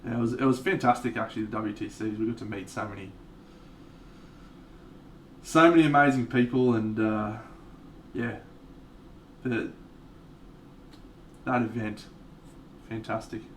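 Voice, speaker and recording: An Australian man is streaming live and chatting casually with his viewers, swearing freely and laughing often. His voice sits fairly low, and he speaks unhurriedly with long pauses. The mic is distant, with faint background noise.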